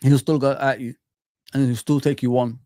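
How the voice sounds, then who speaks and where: A man hosting a fan live stream, chatting casually, repeating himself and shouting out viewers by name. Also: mid-range voice, level tone, normal speed, dry recording, studio quality. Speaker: fan channel host. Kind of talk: live-stream chat reading comments.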